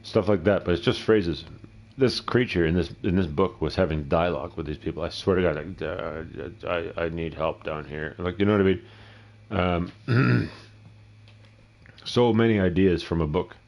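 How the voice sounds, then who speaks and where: A middle-aged man with a very low voice rambles through a casual gameplay session. He swears freely and wanders between stories, now and then talking back to himself. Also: moderate pace, a little mellow, muffled recording. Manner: profane, rambling, talks to himself. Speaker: gameplay streamer.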